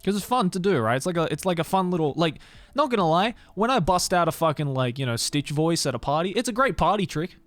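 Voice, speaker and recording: A man's voice: on the high side, lively intonation, fast, a bit bright, dry recording, soft background music. A young man with an Australian accent chatting casually with his live-stream viewers, loose and rambling, swearing and laughing often.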